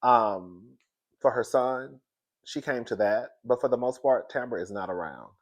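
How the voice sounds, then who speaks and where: A man's voice: medium pitch, lively intonation, moderate pace. A man with a stuffy nose from crying, recapping a reality show in casual chat and calling his listeners "girl.". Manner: chatty, talks to listeners as "girl".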